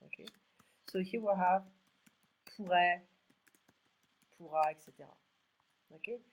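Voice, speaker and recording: A woman's voice: on the low side, measured pace, poor audio. A woman with a French accent, a native French speaker, giving a one-to-one French lesson over a video call. She drills verb forms aloud and explains them in English. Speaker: French tutor.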